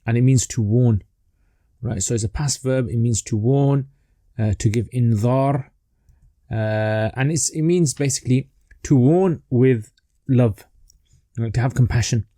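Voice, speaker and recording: Male online teacher, dark mellow tone, laid-back explaining, dry close sound. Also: medium pitch, a little slow, pauses often, dry recording. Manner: relaxed explaining, with fillers and restarts. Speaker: teacher of Quranic rhetoric. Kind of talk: casual online lesson.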